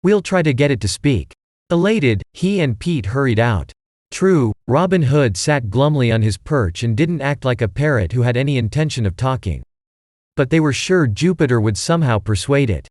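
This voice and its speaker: A man reads a mystery audiobook as scripted narration, keeping a steady storytelling manner. He has a mid-range voice and moderate pace, recorded at studio quality with no room sound.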